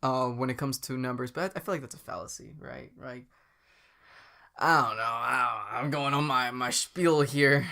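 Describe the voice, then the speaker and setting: A man co-hosting a comedy podcast in casual chat, jokey and quick to riff into absurd bits. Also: medium pitch, gravelly, pushed and bright. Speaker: podcast co-host.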